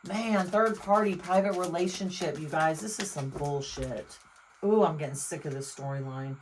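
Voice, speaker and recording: Lady doing a tarot reading, blunt, swears a lot, talks right at you, gets loud then soft. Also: low-pitched, a little hiss or hum, rough recording. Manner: blunt, emphatic, profane, talks straight to the viewer; exclamatory, quick swings in loudness. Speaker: tarot reader. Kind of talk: casual tarot reading monologue.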